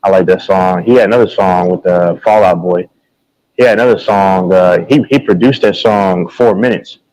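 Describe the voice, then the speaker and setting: A man's voice: sits low, moderate pace, darkish tone, rough recording. A man in casual chat about music, rambling, repeating himself and hunting for names.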